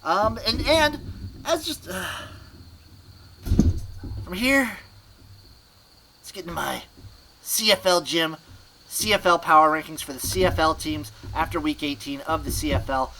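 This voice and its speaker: A man's voice: fairly high pitch, expressive, measured pace, long pauses. Rambling man with a noisy background. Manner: scattered, fragmented, self-mocking. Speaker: podcast host. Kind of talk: sports podcast rant.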